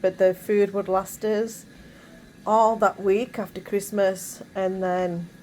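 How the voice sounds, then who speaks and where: A woman's voice: medium pitch, little pitch movement, takes it slowly, mellow, a little hiss or hum, rough recording. A woman chatting casually in her bedroom, rambling with many asides. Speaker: vlogger. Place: bedroom at home.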